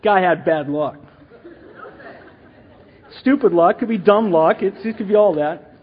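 A middle-aged man giving a rambling, animated church teaching, full of restarts and asides. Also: high-pitched, unhurried, phone-quality sound, some chatter behind. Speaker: lay teacher.

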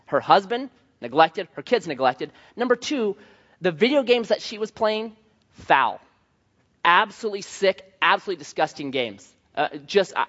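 A man preaching a sermon as pastor, telling stories in an animated way with voiced asides. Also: on the high side, lo-fi sound.

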